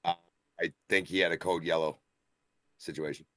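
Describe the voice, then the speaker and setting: A man's voice: sits low, steady tone, moderate pace, bright, forceful tone, no room sound, clean studio sound. A man co-hosting a wrestling review live stream, joking around and laughing often. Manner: joking, laughs often, slips into put-on Boston voices. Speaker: wrestling show co-host. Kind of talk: casual live-stream banter.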